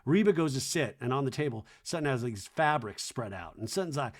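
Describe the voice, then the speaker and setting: A man's voice: mid-range voice, expressive, fairly quick. A man hosting a podcast, giving a wry, chatty recap of a reality show. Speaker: podcast host.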